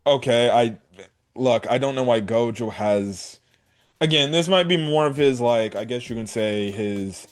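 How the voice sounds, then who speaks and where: A man casually recapping an anime episode in a rambling way, full of fillers and quick acted-out quotes. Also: medium pitch. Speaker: anime reviewer. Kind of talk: casual spoken episode review.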